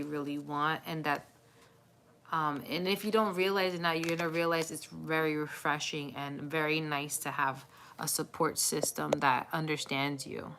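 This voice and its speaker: A woman's voice: lowish voice, fairly bright tone, slight background noise. A woman doing a live tarot reading, talking in a chatty, reassuring way with many fillers and frequent laughs. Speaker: tarot reader.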